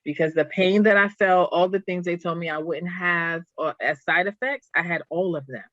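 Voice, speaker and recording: A woman guest on a podcast, telling a personal story in an earnest, halting way that turns emotional. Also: fairly low pitch, fairly bright tone, dry recording, lo-fi sound. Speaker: guest, nonprofit founder.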